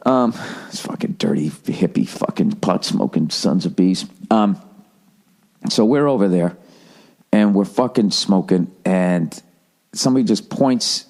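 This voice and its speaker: On his podcast, a middle-aged man from the United States rants in a fairly low, darkish voice, keeping a loose comedic flow. He swears freely and keeps stumbling and starting his sentences over.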